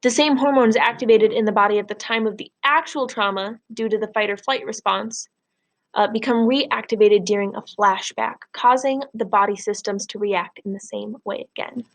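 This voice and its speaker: A woman's voice: mid-range voice, normal speed. A woman teacher giving a recorded lesson, explaining and reading a novel aloud patiently. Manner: clear, patient, explaining step by step.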